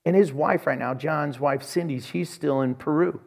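A man's voice: on the high side, moderate pace, gravelly, a little mellow. A man preaching a sermon as pastor, telling stories and acting out conversations. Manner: storytelling, acts out conversations.

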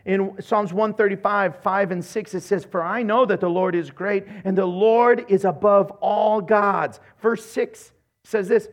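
Lively high-voiced man preaching. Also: a little slow. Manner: animated, playful, acts out voices in his retellings. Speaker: pastor. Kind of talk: sermon.

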